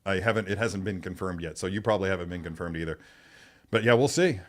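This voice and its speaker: A man's voice: low-pitched, quick pace, a bit bright. A middle-aged man hosting a live stream, chatting casually, rambling and answering viewers' comments.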